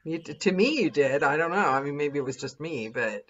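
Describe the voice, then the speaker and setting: American woman host, animated pitch, lo-fi remote audio. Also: brisk, crowd noise. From United States. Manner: laughs often, eager and chatty. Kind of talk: casual chat.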